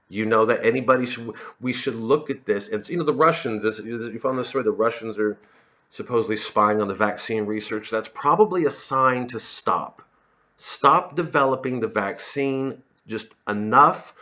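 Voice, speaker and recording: Guy ranting sarcastically, low voice, kinda muffled lo-fi audio. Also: moderate pace, fairly bright tone. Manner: sardonic, swearing, mocks others in put-on voices. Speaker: comedian and satirist. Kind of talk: rambling monologue.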